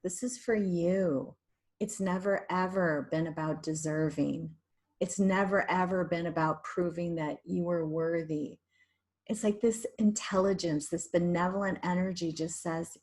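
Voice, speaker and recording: A woman hypnotherapist leading a guided meditation in a soothing, drawn-out way, with breathy sighs. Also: lowish voice, steady tone, darkish tone.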